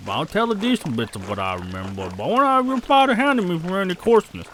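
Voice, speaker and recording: A gruff older village charcoal burner, as a man voices him spins folksy tales in a put-on rustic voice that swings up and down in pitch. A faint noise floor sits under the read. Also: sing-song, fast talker, a bit bright. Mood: storytelling.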